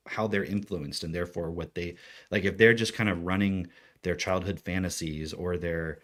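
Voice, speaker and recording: A man co-hosting a podcast, explaining in loose casual chat with many fillers. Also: low voice. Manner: rambling, filler-heavy explaining. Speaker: podcast co-host.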